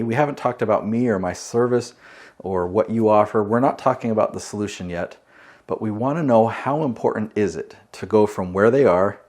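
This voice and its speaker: Earnest low-voiced male business coach. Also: a little mellow. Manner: earnest, conversational, with frequent restarts and role-played dialogue. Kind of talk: instructional talk to camera.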